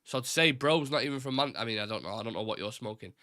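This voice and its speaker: Here a young man with a Mancunian accent, from Salford in Greater Manchester, hosts a live fan talk show and reads chat questions from viewers. The medium-pitched voice comes through as clean studio sound with no echo. He talks fast and animated, swears, and gives blunt, opinionated takes.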